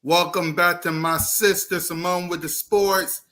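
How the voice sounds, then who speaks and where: A man hosts a casual sports talk show with hype-man energy. His voice sits a bit high for a man, and his tone is bright and forward. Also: little pitch movement, a little slow. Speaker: podcast host.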